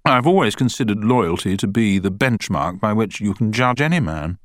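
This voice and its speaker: A man's voice: fairly low pitch, lively intonation, moderate pace, dry recording, clean studio sound, voice pushed up, lightly acted. A man voicing a smug young male witness who gives clipped, defensive answers under questioning.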